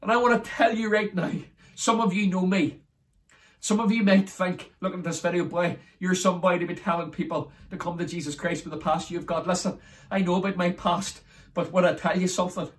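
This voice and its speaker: A man with a Northern Irish accent from Derry, preaching in a fervent testimony style that keeps rising into exclamations. He is emotional and near tears, and his voice sits high. The mic is set some way off, so he sounds distant. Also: little pitch movement, fairly quick. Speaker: evangelist.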